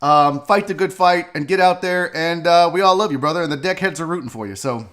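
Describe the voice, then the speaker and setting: A man hosts a loose live sports stream, rowdy and profane, drifting off topic. His voice is bright and forward, pitched a bit high for a man. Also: a little fast, hardly any pauses. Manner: profane, rambling, rowdy, drinking on air. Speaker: host of a live sports show.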